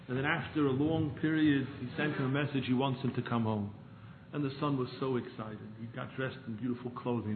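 A man telling a parable in a sermon, moving from hushed narration to pleading. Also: medium pitch, a little hiss or hum. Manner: storytelling, swings from hushed to pleading. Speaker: rabbi. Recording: echoey room over a tinny phone-like line.

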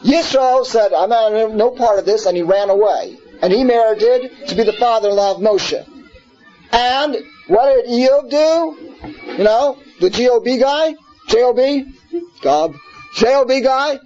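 A man's voice: high voice, unhurried, darkish tone, dull audio, faint music behind. A man teaching a scripture class in an earnest way, repeating words and putting questions to his listeners. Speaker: Torah teacher.

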